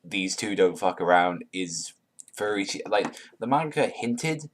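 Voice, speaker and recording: A man reviewing a manga chapter in an excited, casual way, swearing often and filling his talk with "like". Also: low-pitched, measured pace. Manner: profane, hyped, heavy use of "like".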